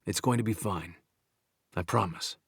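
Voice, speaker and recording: A man voicing a calm male country doctor in an audiobook, speaking gently and steadily. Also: lowish voice, moderate pace, no room sound, clean studio sound, natural voice. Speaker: audiobook narrator. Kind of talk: audiobook dialogue reading.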